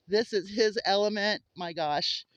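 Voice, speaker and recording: A woman's voice: mid-range voice, no echo, lo-fi sound. A woman vlogging on a homestead in a windy snowstorm, chatty and cooing to her animals, a little out of breath. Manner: chatty, coos affectionately at animals. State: out of breath from wind. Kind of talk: casual vlog chat to camera. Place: outdoors in a windy snowstorm and in a coop. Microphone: handheld camera.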